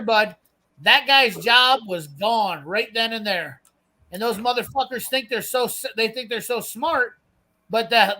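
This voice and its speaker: Brash high-voiced swearing storyteller. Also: male voice, pushed and bright. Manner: brash, swearing, acts out quoted lines. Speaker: storyteller on a live garage show. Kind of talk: casual profane storytelling.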